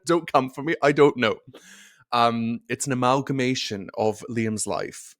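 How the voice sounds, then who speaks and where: A man's voice: medium pitch, a little fast, no echo, clean studio sound. A man in his thirties with an Australian accent tinged with Scottish, hosting a nursing podcast in a chatty, playful way. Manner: chatty, playful, laughs easily. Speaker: podcast host and nurse coach. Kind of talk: casual solo podcast talk.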